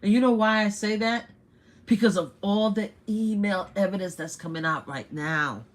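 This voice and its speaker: Older woman, new york accent, live-stream commentary, blunt, rhetorical questions, medium pitch. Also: moderate pace. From United States. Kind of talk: casual political commentary.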